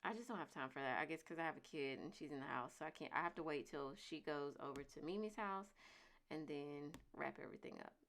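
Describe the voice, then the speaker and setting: A woman in her thirties, chatting casually to camera as a vlogger, talking in an emphatic way and repeating her points forcefully. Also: low voice, fast talker.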